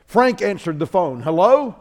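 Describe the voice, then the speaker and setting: A man preaching a sermon in church, telling a comic story with lively character voices. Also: high-pitched, normal speed. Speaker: guest preacher.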